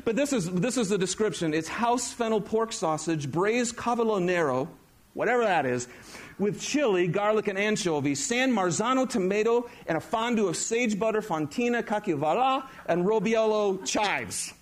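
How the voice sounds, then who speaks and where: Male pastor, middle-aged, bright high voice, lively conversational sermon that keeps questioning the audience. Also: normal speed.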